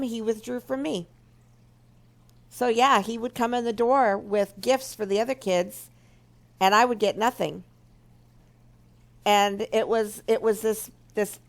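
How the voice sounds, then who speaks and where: A woman speaking for a marriage ministry, earnestly telling a personal story and teaching from it. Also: fairly high pitch. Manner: earnest, storytelling, acts out remembered quotes. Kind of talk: personal testimony and teaching talk.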